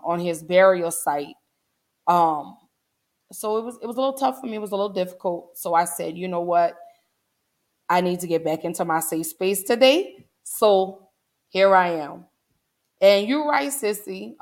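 Earnest forties woman hosting a live chat stream, near tears, a little low-pitched. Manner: earnest, heartfelt, many "um"s, addresses chat as "y'all". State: holding back tears. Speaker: livestream host. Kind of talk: casual livestream talk to viewers.

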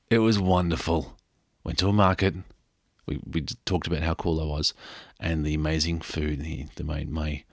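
Gravelly deep-voiced Australian man. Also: a bit bright, no room sound, clean studio sound. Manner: rambling, joking, self-mocking. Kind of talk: casual storytelling monologue.

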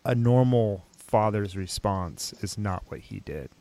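A man hosting a podcast, speaking in a measured, reassuring way to his guest. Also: lowish voice, expressive, dark tone, dry recording. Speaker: podcast host. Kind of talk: interview conversation.

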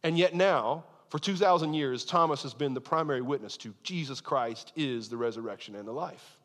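A man preaching a sermon as pastor, earnest, leaning into key phrases and slowing down for emphasis. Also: mid-range voice, a bit bright. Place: church sanctuary. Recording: long reverb of a large hall.

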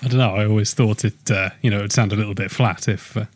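A man co-hosting a casual podcast, joking around and getting animated when excited. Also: fast, slight background noise. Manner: jokey, animated, rising pitch when excited. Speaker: podcast host.

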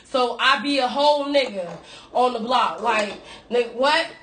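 A New York woman co-hosting a podcast, ranting loudly with lots of swearing in casual chat. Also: a little high, moderate pace, reverberant, a little hiss or hum. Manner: loud, profane, animated ranting. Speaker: podcast co-host.

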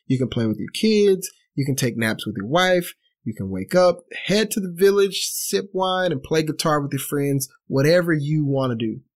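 An eager, pushy businessman with a fairly high voice, pitching big plans like a salesman, as a man puts him on in a story. The delivery is quick and persuasive. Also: lightly acted.

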